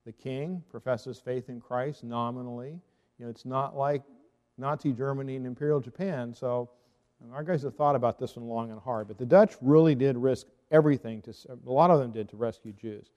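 A man's voice: medium pitch, moderate pace, a little mellow, big-room sound, muffled recording. A man, a Reformed pastor, giving an earnest, argumentative theological talk full of rhetorical questions.

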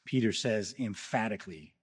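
A man preaching a sermon, emphatic, rising loud and then dropping quiet. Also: fairly low pitch, expressive, normal speed, breathy edge. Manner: emphatic preaching, swinging between loud rises and quiet drops. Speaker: pastor.

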